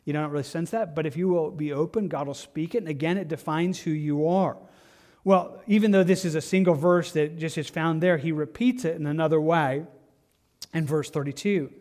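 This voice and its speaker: Pastor guy teaching bible study, kinda high voice, chatty, lots of restarts. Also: moderate pace, darkish tone. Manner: conversational, with frequent restarts and acted quotes.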